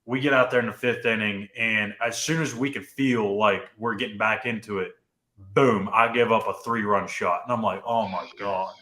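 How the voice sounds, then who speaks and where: A man's voice: fairly low pitch, steady tone, moderate pace, pushed and bright, echoey room. A young man co-hosting a sports podcast, telling a story casually and often saying "dude" and "like". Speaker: podcast co-host.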